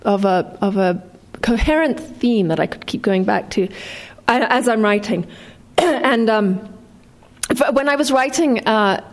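Born in England, a woman reads from her memoir with dry, wry wit and then discusses the writing of it. Her voice is a little high and unhurried.

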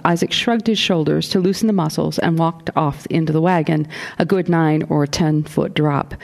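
Author doing a live reading, easygoing asides, lower-pitched woman. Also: gravelly. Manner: relaxed, self-deprecating asides. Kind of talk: reading aloud then audience Q&A.

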